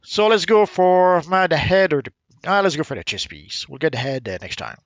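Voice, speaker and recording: A man giving relaxed, chatty gameplay commentary and explaining things to new players as he plays. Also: a little high, moderate pace, dry recording. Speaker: gaming channel host.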